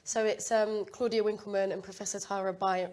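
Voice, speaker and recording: A woman from a media agency speaking on a business panel about a campaign, measured and with some fillers. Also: medium pitch, little pitch movement, darkish tone.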